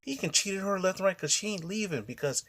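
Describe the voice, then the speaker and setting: A man recounting a personal story straight to camera, loose and rambling, with plenty of cursing and false starts. His voice sits a bit on the higher side for a man. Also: animated, fast, fairly bright tone. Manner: blunt and profane, rambling with restarts. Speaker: vlogger.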